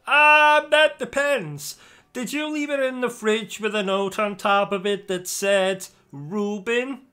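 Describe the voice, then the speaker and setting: A man's voice: high voice, takes it slowly, sharp tone, smooth, voice pushed up, exaggerated voice. A man voicing a meek, dim male sidekick who answers timidly and hesitantly.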